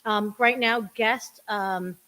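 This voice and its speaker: A woman's voice: mid-range voice, steady tone, slow pace, sharp tone. A woman co-hosting a podcast in casual chat, laughing and rambling with fillers while sharing one microphone. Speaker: podcast co-host and producer. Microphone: one shared microphone.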